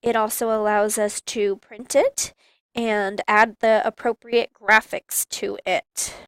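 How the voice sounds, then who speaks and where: A woman teacher slowly and deliberately explaining a class project. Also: medium pitch, flat delivery, clean tone, dry recording, poor audio.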